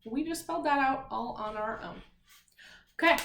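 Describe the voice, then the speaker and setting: A woman with a high-pitched voice teaches spelling remotely to young children at a moderate pace, slowly and clearly spelling words letter by letter. She's patient and encouraging, though background noise and room echo come through.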